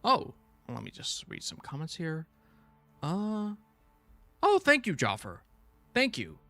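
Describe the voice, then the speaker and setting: A man hosting a casual livestream review, rambling excitedly and correcting himself as he goes. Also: on the high side, slow pace, no room sound, faint music behind. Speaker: channel host reviewing a TV show.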